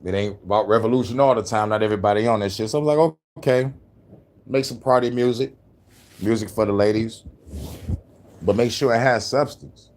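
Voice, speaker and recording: Deep-voiced man in loose slangy chat. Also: fast, a little mellow. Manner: loose, slangy, rambling talk. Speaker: musician vlogger. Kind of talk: casual commentary.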